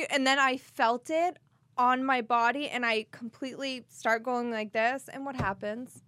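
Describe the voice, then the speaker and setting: A young woman co-hosting a faith podcast, telling stories in an animated, dramatic way. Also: fairly high pitch, a little slow, no room sound. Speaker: podcast co-host. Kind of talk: casual chat.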